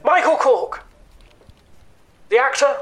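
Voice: high voice, expressive, takes it slowly. A performer playing an irate male stage hypnotist who stammers, swears and gets flustered in a scripted comedy sketch. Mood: indignant.

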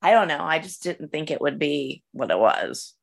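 Low-voiced woman chatting frankly. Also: sing-song, normal speed, gravelly. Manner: conversational, frank, with frequent fillers and restarts. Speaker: podcast co-host. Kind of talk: casual chat.

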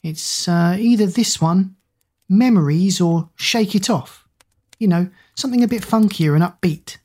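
A woman reads as a restless teenage schoolgirl with a snappy, offhand way of talking. Her voice sits a little low, and she sounds distracted and short with the people around her. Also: measured pace, darkish tone, slightly rough.

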